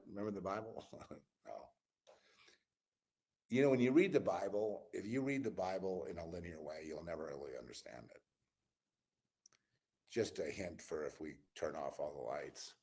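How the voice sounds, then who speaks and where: A man hosting his own channel, delivering a rambling spiritual and political monologue with a weary, exasperated tone, drifting at times into low mutters and whispers. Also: slightly rough. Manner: meandering, musing, drops into low mutters and whispers. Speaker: channel host.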